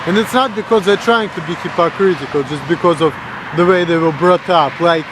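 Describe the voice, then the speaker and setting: Man, Russian accent, young, blunt profane rant, pitched a bit high, faint traffic behind. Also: a little fast. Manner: blunt, crude, mocking the voices of others. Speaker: vlogger.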